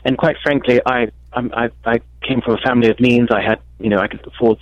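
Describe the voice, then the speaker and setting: A man talks quickly and earnestly as a radio show guest. His voice comes through a muffled, lo-fi line. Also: medium pitch, steady tone, dry recording. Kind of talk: radio interview answers.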